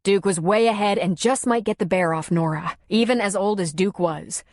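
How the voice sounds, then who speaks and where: A woman narrating a romance audiobook in a steady, expressive reading. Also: mid-range voice, moderate pace, no echo. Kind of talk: scripted narration. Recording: dry close studio sound.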